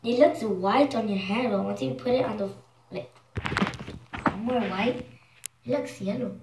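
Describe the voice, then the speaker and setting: A woman chatting casually to her viewers in a vlog, excitable and quick to exclaim in disgust. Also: on the high side, echoey room, distant mic, heavy background noise. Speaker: vlogger.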